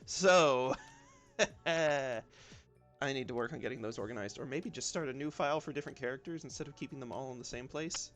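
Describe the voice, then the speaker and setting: Man, light southern drawl, laid-back streamer chatter, muttering to himself, soft lo-fi music underneath. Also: mid-range voice, fairly quick. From southern United States. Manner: relaxed, rambling, self-talk with many ums and y'alls. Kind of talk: casual live-stream chat while drawing. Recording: faint lo-fi music behind.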